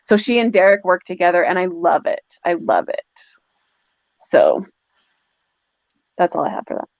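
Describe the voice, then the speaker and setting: A woman's voice: fairly low pitch, normal speed, vocal fry, dry recording. A woman author chatting casually in a live video call, laughing often and acting out what others said. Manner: chatty, laughing, acts out quotes. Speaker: guest author. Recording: dull, lo-fi dry audio.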